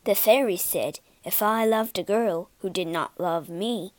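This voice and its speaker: A woman voicing a gentle enchanted beast turned prince, speaking softly and quietly. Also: mid-range voice, measured pace, no echo, close to an everyday voice.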